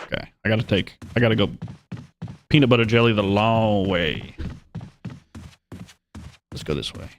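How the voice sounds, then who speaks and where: A man's voice: lowish voice, normal speed, long pauses, slight background noise. A man streaming a horror video game, chatting casually and narrating his own moves with wry asides. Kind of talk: live gameplay commentary.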